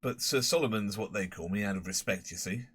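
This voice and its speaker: A man's voice: lowish voice, brisk, a bit bright, husky. A man voicing a boastful, rambling middle-aged London pub owner and former crook with a Cockney accent.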